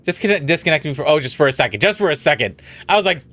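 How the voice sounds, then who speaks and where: A man live-streaming a story game, swearing loudly, laughing and reading the characters' lines aloud. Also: fairly high pitch, sing-song, fast talker.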